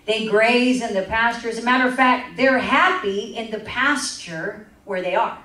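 Bright and forceful, a slightly high-pitched woman's voice leads a sermon at normal speed inside a church sanctuary. She is a pastor who repeats scripture and draws replies from the congregation, recorded from a distance in the echoing hall.

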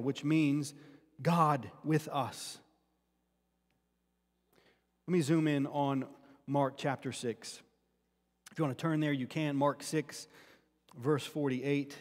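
Speaking a little slowly, a pastor with a fairly high pitch and fairly even intonation delivers a sermon. He teaches scripture earnestly while frequently restarting words, under long hall reverb.

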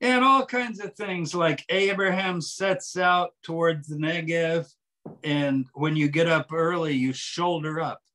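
A man's voice: on the high side, unhurried. An older man, a translator interviewed about his work, explaining eagerly and quoting passages aloud. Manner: animated, explains with examples and quoted readings. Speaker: author and translator, interview guest. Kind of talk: conversational interview.

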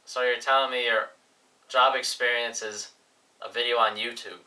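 A man's voice: mid-range voice, flat delivery, moderate pace, bright, forceful tone. A man playing a stern job interviewer who asks dry, skeptical questions, heard from some distance.

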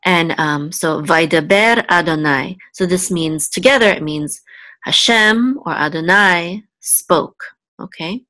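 A woman's voice: fairly low pitch, takes it slowly, pushed and bright, dry recording. A woman teaching a live online Hebrew lesson, going word by word and checking in with "okay?". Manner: patient, repeats words, checks in with "okay?". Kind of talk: slow step-by-step language lesson.

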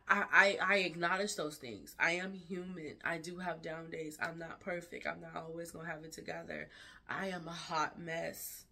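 Low, bright-voiced woman speaking frankly. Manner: earnest, emotional and frank, with repeated restarts. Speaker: fashion vlogger and designer. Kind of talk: candid personal life-update vlog. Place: indoors at night.

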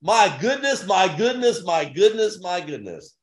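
A man giving an energetic business opportunity pitch in punchy, repetitive short phrases with bursts of excitement. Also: measured pace. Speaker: sales presenter. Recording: roomy echo.

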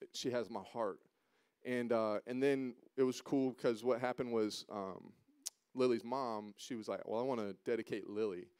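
A man in his thirties giving a sermon as a guest speaker, telling a personal story with emotion, dropping to a hush and then rising to loud, pleading questions. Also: mid-range voice, smooth, dry recording, studio quality. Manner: emotional, swings from hushed to loud. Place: church auditorium.

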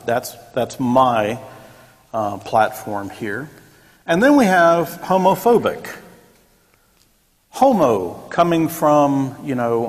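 A man teaching a church Sunday school class in a conversational way, with joking asides and acted-out quotes. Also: mid-range voice. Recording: long echoey church room.

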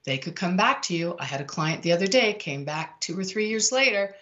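Emphatic female sales coach, lowish voice, dull lo-fi recording. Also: brisk. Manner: emphatic, repetitive, animated delivery. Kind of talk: energetic sales tips talk. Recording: dull lo-fi sound.

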